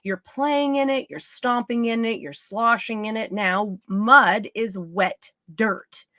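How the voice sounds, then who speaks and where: A woman's voice: fairly high pitch, slow, bright, forceful tone, no room sound, studio quality. A middle-aged woman giving psychic readings on a live stream, chatty and playful, often drifting off topic. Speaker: psychic medium.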